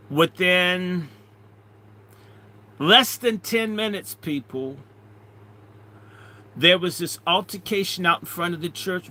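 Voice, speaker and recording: A middle-aged man, a minister, telling a story in an animated way, swinging between loud and hushed. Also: sits high, takes it slowly, long pauses. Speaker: minister and speaker. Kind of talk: storytelling talk.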